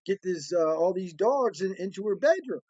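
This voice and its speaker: A man with a high voice tells a personal story with lively energy. The sound is dry and slightly dull, close and without room echo. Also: normal speed. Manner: animated, acts out voices in quotes.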